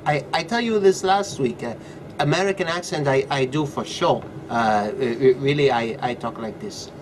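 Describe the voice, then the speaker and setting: A man's voice: mid-range voice, moderate pace, close to an everyday voice. A man playing a Russian hockey fan with a put-on Russian accent and broken English, on a distant mic with some noise. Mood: deadpan. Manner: broken English, loud, deadpan joking.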